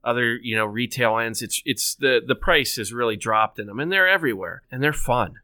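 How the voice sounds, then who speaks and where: A man's voice: medium pitch, animated, fairly quick, pushed and bright, no room sound. A man who is a guest on a podcast, explaining things in a plain, informative way. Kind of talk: casual podcast conversation.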